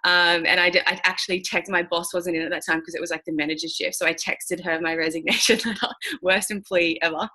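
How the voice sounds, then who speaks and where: A woman's voice: on the low side, steady tone, fast, sharp tone. A woman speaking as a guest on a call. She talks frankly and bluntly, swears now and then, and uses many fillers. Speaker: guest speaker mentoring traders. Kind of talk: candid motivational talk on a call.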